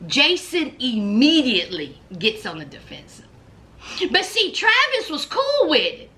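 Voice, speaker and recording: A woman's voice: high-pitched, huge pitch swings, a little slow, bright, forceful tone. A woman animatedly recapping reality show drama in a casual, storytelling way.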